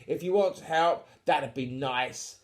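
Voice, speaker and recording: A man reading a storybook aloud and voicing a tiny, grand male pirate captain with a loud, hearty, theatrical bluster. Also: fairly high pitch, a little slow, lightly acted.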